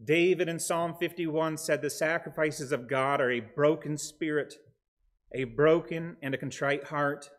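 A middle-aged pastor preaching to his church with an earnest, steady delivery. His voice sits a little high for a man, and he reads scripture aloud with care, with a hint of dry humor. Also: a little slow. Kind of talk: sermon.

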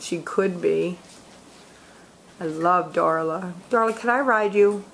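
A woman voicing her sweet female pet monkey, musing softly and fondly. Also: on the low side, slow pace, gravelly, slight background noise, full character voice, low-quality recording.

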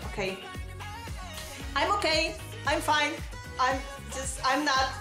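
A woman with a high voice gushes and giggles through a fan reaction vlog, breathless and full of exclamations. She talks at an unhurried pace in an echoey room, with faint music playing behind her. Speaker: vlogger reacting to a music video.

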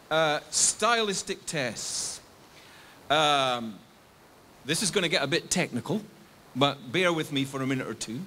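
A man's voice: fairly high pitch, fairly bright tone, slight background noise. An older man from England giving a public university lecture, explaining step by step and answering his own questions. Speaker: guest lecturer.

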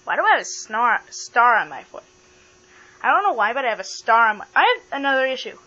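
A fussy penguin toy, played by a woman, high and bright, firing off rushed complaints. The recording is dull and lo-fi with mains hum. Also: big pitch swings, full character voice. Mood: complaining.

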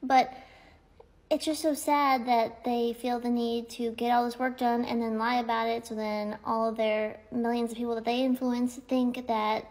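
A young woman with a very high, small-sounding voice talking candidly and casually to her phone camera, ranting and poking fun at herself. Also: level tone, normal speed, darkish tone. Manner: candid, ranting, self-mocking. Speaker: comedy creator.

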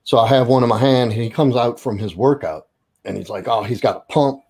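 A man in a relaxed sit-down chat, telling an anecdote with lots of swearing and lively energy. His voice sits at an ordinary middle pitch for a man. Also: a little fast, husky. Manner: profane, animated storyteller. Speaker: guest. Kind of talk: casual chat.

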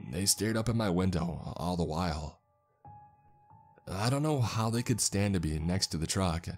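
A man with a deep, low-pitched voice tells a first-person horror story at a measured, deliberate pace. His delivery is steady and suited to scripted narration, with soft music playing faintly underneath.

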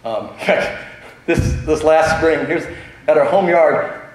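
Middle-aged guy, slightly high voice, telling stories at a convention, laughs a lot, big echo. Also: unhurried. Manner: chatty storyteller, laughs often, many fillers. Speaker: convention speaker. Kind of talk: conference talk with anecdotes. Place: large convention hall. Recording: echoey hall with strong reverb.

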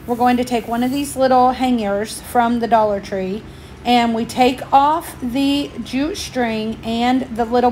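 A woman's voice: fairly high pitch, a little mellow, slight background noise. A woman, slightly out of breath, chatting through a step-by-step craft tutorial for her channel. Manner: chatty, homey, explains each step.

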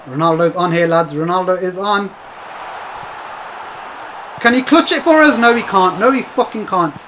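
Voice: mid-range voice, normal speed, a bit bright, slight background noise. A gaming commentator talking through a football video game match, exasperated and swearing often, calling the viewers lads. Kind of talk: live gameplay commentary.

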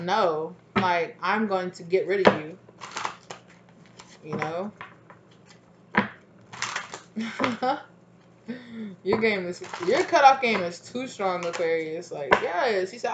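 A woman doing a casual tarot reading, animated and profane, with frequent laughter and quoted asides. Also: lowish voice, lo-fi sound, heavy background noise. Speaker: tarot reader.

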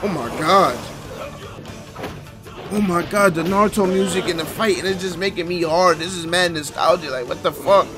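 Excitable high-voiced male streamer. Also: moderate pace, music in the background. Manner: excitable, profane banter with chat. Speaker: live streamer. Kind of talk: live reaction stream.

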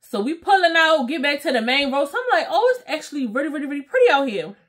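Lively high-voiced woman telling a story. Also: fast. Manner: animated, acts out quotes with exclamations and slang. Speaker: storytime vlogger. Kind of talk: casual storytelling.

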